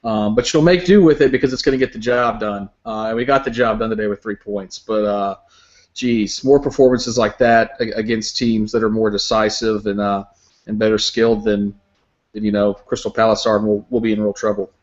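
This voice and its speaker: A man's voice: lowish voice, steady tone, brisk, dull audio. A man on a casual football podcast panel, blunt with crude jokes.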